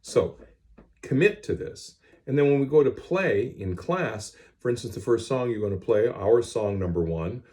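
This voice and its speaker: A middle-aged band teacher with a low voice that swings widely in pitch. He explains things plainly and directly to his students. He is recorded on a cell phone. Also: darkish tone. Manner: plain-spoken, direct and instructive. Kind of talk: music lesson to students.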